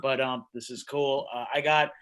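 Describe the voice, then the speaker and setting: A man's voice: mid-range voice, steady tone, normal speed, fairly bright tone, smooth. A man hosting an open mic over a video call, riffing and rambling through stand-up bits in a self-deprecating way from a small room at home. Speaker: open mic host and comedian.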